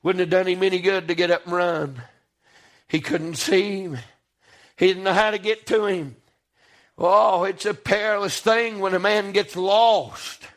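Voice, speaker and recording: A male preacher with a very high-pitched voice. He preaches with fervour, swinging between hushed passages and loud, shouting bursts. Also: steady tone, a little slow. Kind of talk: sermon.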